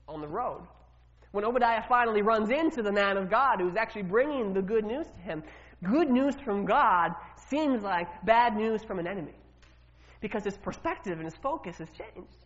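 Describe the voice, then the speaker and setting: A woman preaching a sermon in a loose, conversational way, asking the congregation questions and often repeating her words. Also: mid-range voice. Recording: reverberant hall, dull lo-fi sound.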